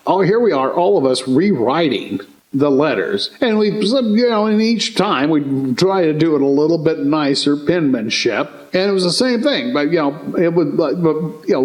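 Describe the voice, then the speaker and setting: A man from Colorado telling a story on a podcast in a casual way, acting out shouted lines and chuckling often, recorded in a large studio. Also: fairly high pitch, rough recording. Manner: animated, acts out quoted yelling, chuckles often.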